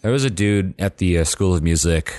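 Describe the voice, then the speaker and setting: Very deep-voiced easygoing man. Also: brisk, darkish tone, no echo. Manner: easygoing, laughs often, many fillers. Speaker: podcast co-host. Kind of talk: casual chat.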